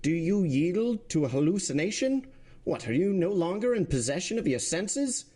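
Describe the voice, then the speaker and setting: A man's voice: sits high, big pitch swings, moderate pace, mellow, pitched above the performer's own voice. A man voicing an agitated male court president who fires off insistent questions. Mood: indignant.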